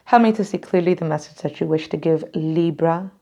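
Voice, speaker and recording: A woman's voice: low-pitched, brisk, dark tone. A woman doing a casual, emotional tarot reading to camera, rambling and laughing often, near tears. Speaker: tarot reader.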